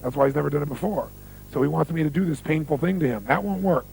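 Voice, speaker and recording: Speaking fast in a gravelly, darkish voice that sits on the high side with a breathy edge, a man gives a motivational seminar talk onstage. He tells stories, repeats key phrases to stress them, and quizzes the audience. It's a rough recording.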